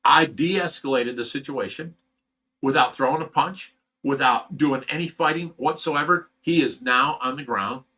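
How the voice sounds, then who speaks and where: A man telling a rough, profane story in casual chat as a host. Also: mid-range voice, moderate pace, bright, forceful tone. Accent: Ohio. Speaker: fish rescue host.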